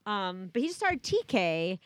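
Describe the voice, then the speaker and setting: A woman's voice: medium pitch, big pitch swings, moderate pace, no room sound. A woman in her thirties, a mother, telling comedic stories in casual chat, acting out quotes with self-deprecating humor. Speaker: guest, mother.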